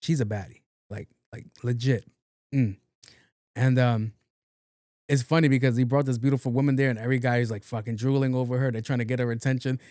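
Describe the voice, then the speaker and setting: A young man hosts a casual solo podcast. His talk is loose and full of profanity, rambling through fillers at a mid pitch. The sound is close and dry, with no room in it. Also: steady tone, a little fast, dark tone, no echo. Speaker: podcast host.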